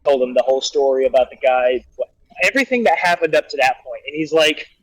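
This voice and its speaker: A man's voice: medium pitch, fairly quick, low-quality recording. A man casually telling profane, rambling stories about his time as a soldier on a livestream. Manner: animated, profane, rambling with restarts. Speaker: guest storyteller, soldier.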